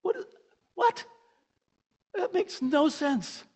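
An older man teaching a Bible class in a casual, animated way, asking many rhetorical questions and breaking off mid-sentence. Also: extremely high pitch, takes it slowly. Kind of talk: informal Bible teaching talk. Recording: muffled lo-fi recording.

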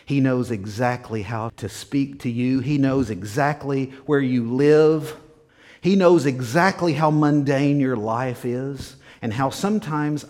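A man's voice: mid-range voice, darkish tone. A man preaching a sermon as pastor, emphatic and repetitive, sometimes dropping to a near whisper. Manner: emphatic, repeats key words, drops to a whisper at times.

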